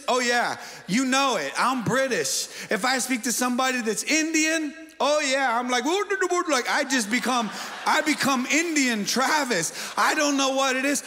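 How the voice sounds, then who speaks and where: A man's voice: very high-pitched, bright, forceful tone. A male pastor giving a sermon, joking and quizzing his congregation in a playful way. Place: large church auditorium. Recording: long church-hall reverb.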